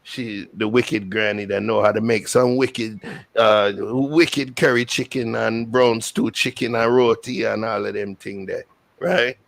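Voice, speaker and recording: A man's voice: on the low side, fairly even intonation, unhurried, gravelly, dry recording. A man hosting a casual panel discussion, explaining his points emphatically and repeating words for weight.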